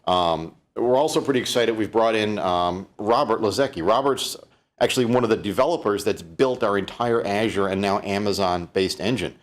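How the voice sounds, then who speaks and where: A man from Canada with a fairly low voice talks through a keynote in a relaxed, conversational way. He keeps stopping to restart phrases and fills gaps with "um" and "uh". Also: normal speed. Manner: conversational, fillers, many restarts. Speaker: keynote presenter. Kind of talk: live-streamed keynote talk.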